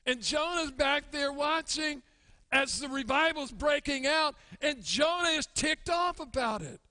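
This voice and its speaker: A man preaching a sermon as pastor, acting out grumbling churchgoers in an animated way. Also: extremely high pitch, measured pace. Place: church sanctuary. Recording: long church hall reverb.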